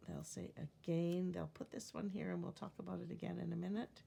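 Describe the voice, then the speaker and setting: A middle-aged woman teaches a phonics lesson in a calm, patient way. Her voice is a little low and has a gravelly edge. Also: normal speed, few pauses, slight background noise.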